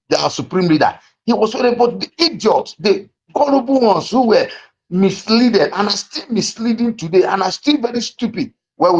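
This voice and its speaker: A fairly high-pitched man speaks with declamatory conviction to listeners in a live online audio room. He repeats himself and stumbles over fillers and restarts. The sound is muffled and lo-fi. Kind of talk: impassioned speech to an online audience.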